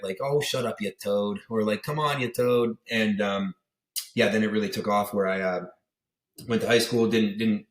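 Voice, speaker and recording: A man's voice: fairly low pitch, reverberant. A young man from the Pittsburgh area, a podcast guest chatting casually and rambling through stories with many fillers, acting out the voices of people he quotes. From Pittsburgh area, USA. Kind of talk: casual interview chat.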